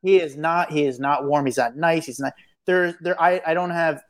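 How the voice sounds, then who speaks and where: A man's voice: a little high, moderate pace. Blunt podcast co-host man. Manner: blunt, repeats for emphasis. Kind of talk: casual chat.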